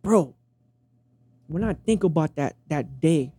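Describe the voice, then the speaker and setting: A man's voice: fairly high pitch, animated, takes it slowly, mellow, husky, dry recording. A young man telling a personal story in blunt, profane casual talk, acting out the dialogue as he goes.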